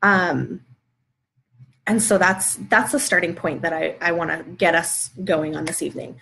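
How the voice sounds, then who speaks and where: A woman's voice: fairly low pitch, measured pace, gravelly, fairly bright tone. A woman who is a parenting educator, giving a conversational live video talk and working through example dialogues.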